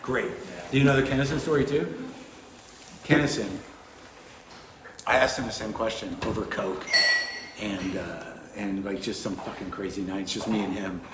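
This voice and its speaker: A man of middle pitch tells rambling, wry comedy anecdotes. His voice bounces around an echoey club room, with a crowd murmuring behind him. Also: normal speed, long pauses. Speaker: comedian guest. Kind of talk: casual storytelling chat.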